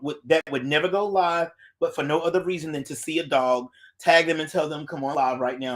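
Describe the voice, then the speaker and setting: An adult host chatting casually on a live stream, greeting viewers by name and reading their comments aloud, recorded on a phone. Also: mid-range voice.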